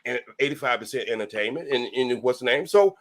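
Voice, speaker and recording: A man's voice: medium pitch, animated, brisk, background noise. A man talking casually on a live-stream panel, folksy and preachy. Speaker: panel guest.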